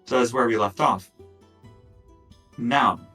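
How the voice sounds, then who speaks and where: A man narrating as dungeon master of a tabletop game, casual and relaxed, with lots of fillers and asides. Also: mid-range voice, takes it slowly, far from the mic, soft background music, low-quality recording.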